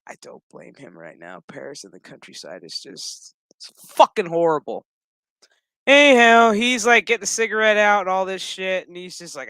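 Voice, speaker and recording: A man's voice: sits high, sing-song, normal speed, pushed and bright, clear, resonant tone, no echo, low-quality recording. A man casually recapping a TV episode in a rambling, joking way, swearing constantly. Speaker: gaming channel host.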